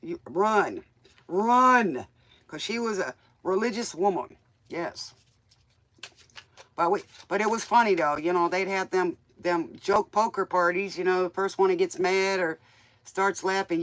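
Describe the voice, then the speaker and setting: Smoky-voiced woman host, bright and forceful, rambling and folksy as she reads tarot for viewers. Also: lowish voice, a little slow. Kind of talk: casual live tarot reading chat.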